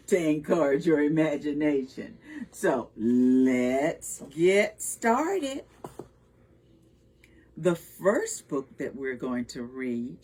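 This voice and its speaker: A woman reading a picture book aloud to preschoolers, animated and asking the children questions. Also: low-pitched, breathy edge. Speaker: storytime reader.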